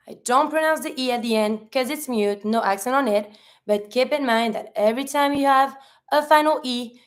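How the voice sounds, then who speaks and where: A woman with a fairly high voice who is a native French speaker, teaching a numbers lesson in English. She talks patiently and says each number slowly and clearly, over and over. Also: a bit bright. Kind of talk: language lesson.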